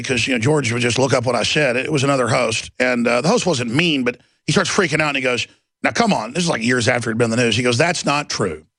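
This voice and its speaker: A man's voice: medium pitch, a bit bright, no room sound. A middle-aged man hosting a talk radio show, ranting and telling stories, acting out the voices of the people in them. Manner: ranting, storytelling, acts out quoted voices.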